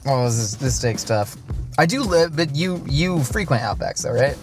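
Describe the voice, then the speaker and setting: A man's voice: medium pitch, lively intonation, normal speed, music in the background. A man in his thirties hosting a cooking show, joking and explaining the cooking steps as he goes. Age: 30s. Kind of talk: casual cooking chat.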